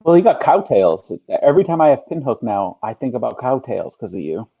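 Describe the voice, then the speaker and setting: A male guest throws in quick, teasing banter during a relaxed podcast chat. His voice comes through slightly dull and lo-fi, as if on a weaker line. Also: medium pitch, vocal fry, breathy edge, no echo. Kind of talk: casual chat over drinks.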